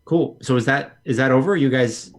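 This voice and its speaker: A man running a tabletop game as game master, narrating in a relaxed way with plenty of fillers. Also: mid-range voice, normal speed, a crowd in the background.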